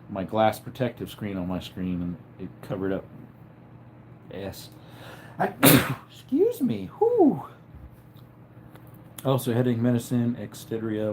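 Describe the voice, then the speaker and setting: A tired man with a headache, lying in bed at home and chatting casually on a livestream while reading out viewer comments in a low-key, drowsy way that trails off. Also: a little mellow, a little hiss or hum. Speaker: livestream host.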